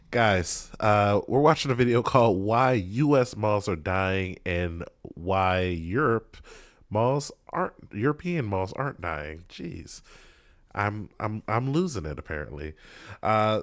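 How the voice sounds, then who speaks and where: A man's voice: on the low side, no echo, studio quality. A man in his thirties hosting a reaction video, talking casually in a rambling, jokey way with lots of fillers. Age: 30s.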